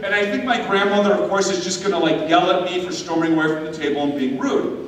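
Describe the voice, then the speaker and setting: Animated man telling a story in an echoey hall. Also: high voice, fast talker, slight background noise. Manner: animated, addresses audience directly. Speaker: confirmation speaker. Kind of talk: storytelling youth talk. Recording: echoey hall, distant mic.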